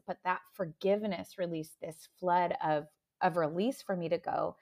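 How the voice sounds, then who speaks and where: A middle-aged woman, an author and pastor, telling a personal story as an interview guest, animated and emotional, laughing at times. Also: lowish voice, moderate pace, hardly any pauses.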